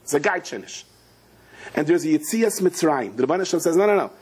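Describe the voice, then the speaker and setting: A man, a rabbi, giving an animated Torah lecture full of storytelling and Hebrew and Yiddish terms. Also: fairly quick, husky. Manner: acts out the characters in a story with sudden high, shouting outbursts; sprinkles Hebrew and Yiddish terms into his English.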